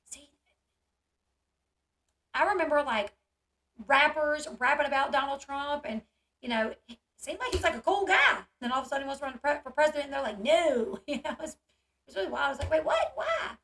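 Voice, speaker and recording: A woman's voice: high voice, a little fast, creaky, pauses often, bright, forceful tone. A woman vlogger chatting casually with lots of fillers, reacting with amusement to old clips. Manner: chatty, filler-heavy, amused, talks to her screen.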